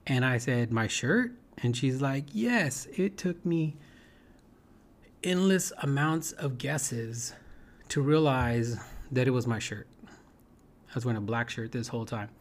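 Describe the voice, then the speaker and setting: A man tells a personal story in a loose, conversational way. He rambles, restarts and leans on "you know" and "right?" as he goes. His voice sits at an ordinary middle pitch. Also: measured pace, long pauses. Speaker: speaker sharing a personal story. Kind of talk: informal storytelling talk.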